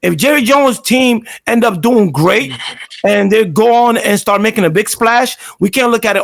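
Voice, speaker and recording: A man co-hosting a casual sports debate, talking in an animated, rambling way with frequent restarts. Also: sits high, normal speed, vocal fry. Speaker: sports talk host.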